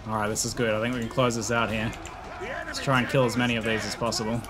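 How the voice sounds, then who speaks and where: An Australian man narrating and commentating a strategy game he plays, excitable and laughing often, shouting battle orders at his troops. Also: mid-range voice, fast, over music. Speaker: gaming YouTuber. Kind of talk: let's play commentary and narration.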